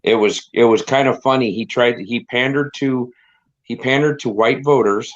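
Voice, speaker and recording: A man's voice: medium pitch, moderate pace. A middle-aged man chatting on a live stream, rambling and wry and often repeating himself. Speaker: stream co-host. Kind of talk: casual chat on a live stream. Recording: slightly dull lo-fi stream audio.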